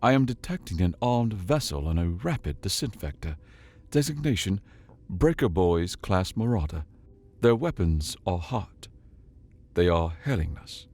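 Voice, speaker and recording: A man voicing a calm, formal alien AI that speaks inside a pilot's head. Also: low-pitched, a little slow, heavily acted. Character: calm male alien AI commander's voice.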